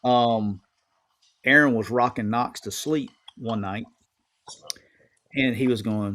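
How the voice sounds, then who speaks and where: A man's voice: medium pitch, measured pace, long pauses. Rambling man spinning a yarn. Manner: animated, rambling storyteller who repeats himself. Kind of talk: casual storytelling chat.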